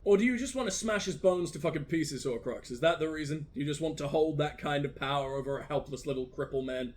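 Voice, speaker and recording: A man with a fairly high, animated voice rattles off crude, mocking game commentary fast and with few pauses. He swears constantly and talks back to the on-screen characters for comic effect.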